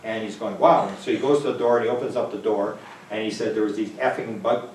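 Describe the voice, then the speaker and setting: A man's voice: lowish voice, steady tone, fast, a little mellow. A man from Manitoba, Canada, giving a rambling, conversational talk, acting out the voices in his stories. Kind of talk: rambling lecture storytelling. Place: talk venue room. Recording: roomy distant mic with faint background noise.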